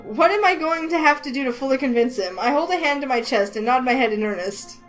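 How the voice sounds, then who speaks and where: A woman reading a romance game aloud in a lively, excitable way, with faint music behind her. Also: sits high, fast, rough recording. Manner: lively, excitable, voices the heroine with outbursts. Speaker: gaming channel host reading a visual novel.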